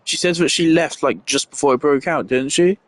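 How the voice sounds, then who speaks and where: A man's voice: a little high, a little fast, no echo. A man giving casual, blunt commentary while playing a video game, swearing freely and laughing at himself. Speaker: gamer commenting on his playthrough.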